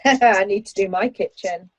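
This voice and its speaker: A middle-aged woman co-hosting a casual online chat, telling animated stories and laughing often. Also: mid-range voice, unhurried, no room sound, low-quality recording. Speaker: co-host. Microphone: video call.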